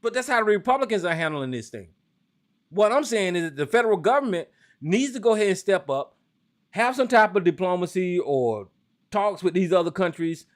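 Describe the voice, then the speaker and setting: A man hosting a call-in talk show from the United States, ranting hotly with lots of cursing, then dropping into a slower, lower drawl. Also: lively intonation. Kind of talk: profane political rant and call-in talk.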